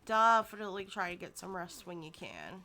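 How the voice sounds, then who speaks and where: A woman streamer chatting casually while playing a game, giggly and animated, swearing freely. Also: fairly low pitch, moderate pace. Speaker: VTuber streamer.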